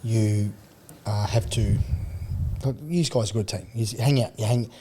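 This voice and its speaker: A man's voice: lowish voice, moderate pace, dark tone, a little hiss or hum. A middle-aged Australian man, a former footballer, telling rambling stories in a studio chat, with restarts and laughter. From Queensland, Australia. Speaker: podcast guest, former rugby league player. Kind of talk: casual storytelling chat. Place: radio studio.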